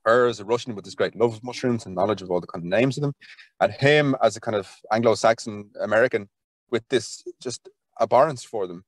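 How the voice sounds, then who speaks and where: A man's voice: lowish voice, a little fast, no echo. An Irish man talking as an interview guest, enthusiastic and rambling, with lots of fillers and restarts. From Ireland. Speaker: podcast guest, folklore archivist. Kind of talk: conversational interview.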